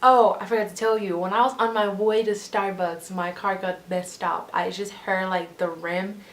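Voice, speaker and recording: A woman's voice: medium pitch, fairly even intonation, normal speed, a little hiss or hum. A young woman telling a casual storytime vlog, rambling with lots of fillers. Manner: rambling, filler-heavy, full of "like". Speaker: vlogger.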